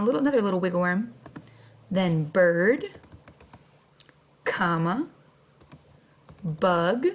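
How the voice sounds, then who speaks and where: A young adult woman teaching a first grade class online, speaking slowly and clearly with playful emphasis. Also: fairly high pitch.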